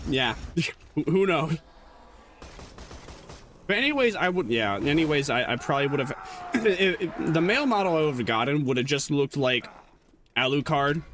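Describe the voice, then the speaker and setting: A man's voice: fairly high pitch, a bit bright, a little hiss or hum. A man streaming as a VTuber, chatting casually in a rambling, joking way and correcting himself as he goes, with lots of stammered restarts. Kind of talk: casual livestream chat.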